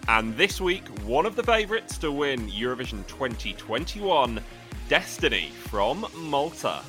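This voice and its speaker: A wry man in his late twenties co-hosts a casual podcast, telling stories with deadpan humour. His middle-pitched voice rises and falls a great deal. Faint music plays under him. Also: measured pace. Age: late 20s. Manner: wry, deadpan storytelling with lively ups and downs. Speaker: podcast co-host.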